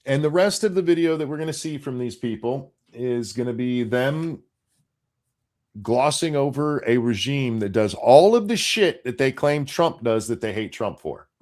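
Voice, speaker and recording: A man's voice: mid-range voice, animated, moderate pace, darkish tone. A man co-hosting a casual political chat show, talking bluntly and with profanity, often restarting his sentences. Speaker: show co-host.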